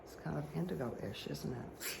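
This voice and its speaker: A warm, gravelly, low-pitched woman's voice, animated and at normal speed, comes through with a little hiss or hum. She's a spiritual guide casually reading tarot and angel cards for viewers, rambling along and often asking "okay?"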